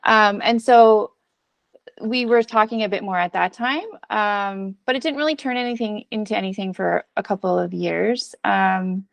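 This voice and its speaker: A woman's voice: medium pitch, normal speed, gravelly, dry recording. A woman guest in a casual conversation, speaking earnestly and rambling with frequent fillers.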